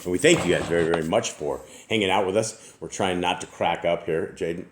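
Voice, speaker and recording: A man's voice: low-pitched, brisk, slight background noise. A man hosting a family scripture channel, joking casually and then preaching emphatically. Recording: echoey room.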